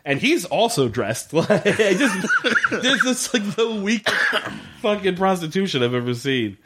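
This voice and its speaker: The audio is very noisy as a man with a high voice and big pitch swings speaks a little slowly. He's co-hosting a relaxed podcast recap of a TV episode, swearing freely, laughing often, and dramatizing lines from scenes.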